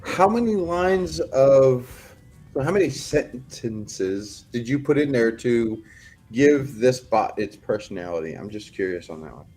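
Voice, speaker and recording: A man's voice: mid-range voice, sing-song, measured pace, darkish tone, soft background music. A man co-hosting a livestream in easygoing, rambling casual chat. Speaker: co-host.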